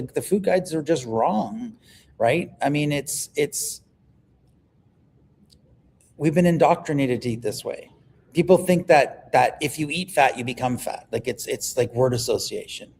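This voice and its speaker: A man, a livestream guest telling stories in an animated, emphatic way. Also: mid-range voice, creaky, a little hiss or hum. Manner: animated storyteller, emphatic, repeats words when excited. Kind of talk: casual livestream conversation.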